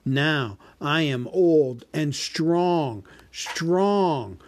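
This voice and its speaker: Guy doing a big old boasting dragon, slow and loud, pitched up, gloating over every word. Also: expressive, slight background noise. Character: huge boastful ancient male dragon, menacing.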